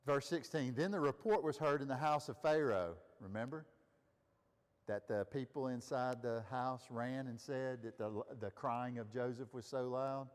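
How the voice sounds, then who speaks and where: A man's voice: medium pitch, normal speed, big-room sound. A man leading a Bible study, teaching casually and asking the group questions. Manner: conversational, asks the group questions. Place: room with a group of listeners.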